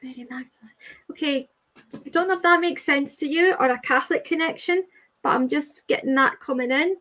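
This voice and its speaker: High-voiced woman medium, soothing. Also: bright, forceful tone. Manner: halting, repeats phrases, soothing with "okay, sweetheart". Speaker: medium giving readings. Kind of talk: live online spirit reading.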